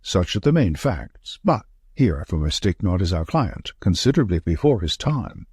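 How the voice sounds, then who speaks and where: A man reading the part of a shrewd, dry-witted Victorian detective in an audiobook, measured and emphatic. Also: low-pitched, big pitch swings, a little mellow, slightly rough, dry recording, pitched below the performer's own voice, full character voice. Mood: musing.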